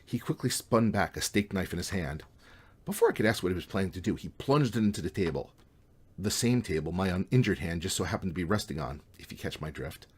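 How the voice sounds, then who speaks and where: Author-narrator, male, relaxed wry novel reading, deep and husky. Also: brisk. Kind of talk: audiobook reading.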